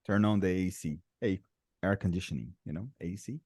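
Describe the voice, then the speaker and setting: A man's voice: low voice, warm tone, dry recording, studio quality. Patient Brazilian man teaching English. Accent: Brazilian Portuguese. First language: Portuguese. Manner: patient, repeats words slowly for students. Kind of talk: online English lesson.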